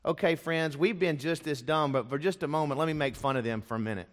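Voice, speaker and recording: Man, pastor, dramatic sermon storytelling, slightly high voice, long church reverb. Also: fast talker. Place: church sanctuary.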